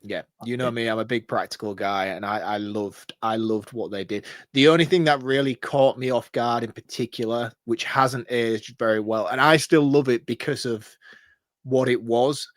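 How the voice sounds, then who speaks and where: An excitable man co-hosting a casual film podcast, rambling through his asides and laughing often. His voice sits at an everyday middle pitch. The recording is close and dry, with no room sound. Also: moderate pace, no room sound. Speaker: podcast co-host.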